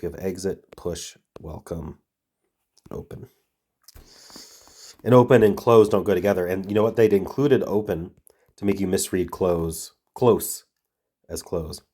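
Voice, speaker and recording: A man's voice: low voice, mellow, husky. A man with a stuffy head cold, thinking aloud and muttering as he works through word puzzles. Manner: muttering, trailing off, reading words aloud. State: congested from a cold. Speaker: puzzle-solving video host.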